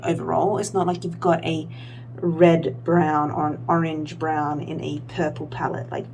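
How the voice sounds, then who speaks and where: A woman's voice: sits low, vocal fry, a little mellow, a little hiss or hum. A young woman vlogger talking casually through a makeup tutorial, rambling with lots of fillers and poking fun at herself. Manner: rambling, filler-heavy, self-deprecating. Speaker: beauty vlogger.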